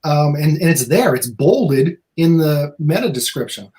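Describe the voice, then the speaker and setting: A man's voice: on the high side, expressive, unhurried, mellow. A man speaking as a guest on a livestream panel, explaining tips and voicing what a user might think. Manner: explanatory, acts out users' thoughts, some restarts. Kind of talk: casual livestream panel advice.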